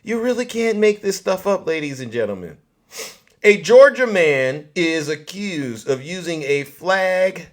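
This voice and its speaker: A man hosting a political commentary livestream, loud and mocking, often repeating himself. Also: high voice. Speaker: livestream host.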